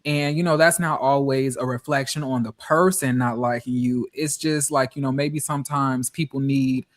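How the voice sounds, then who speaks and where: Man, panelist, mid-pitched, measured and hesitant commentary. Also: steady tone. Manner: reflective, hesitant, many fillers. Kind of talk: casual panel discussion.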